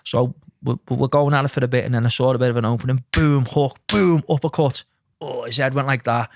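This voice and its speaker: A middle-aged man, a podcast guest telling lively stories and acting out what others said. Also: mid-range voice, a little fast, creaky, noisy background. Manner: lively anecdotes, acts out quotes, says mate a lot. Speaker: podcast guest, mindset coach. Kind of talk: casual storytelling chat.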